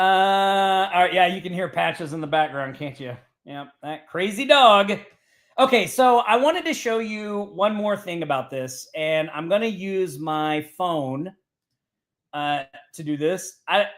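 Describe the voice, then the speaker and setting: A man's voice: on the high side, a bit bright. A man hosting a live online show, chatting casually as he walks through example text messages and talks to viewers by name. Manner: chatty, reads example texts aloud, talks to chat by name. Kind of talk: casual screen-share teaching.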